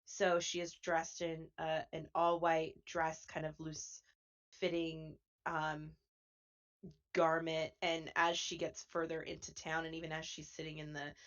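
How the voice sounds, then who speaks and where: Female game master, low-ish voice, rambling narration, dull lo-fi recording. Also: monotone, unhurried, a bit bright. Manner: loose, rambling description with fillers. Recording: dull lo-fi sound.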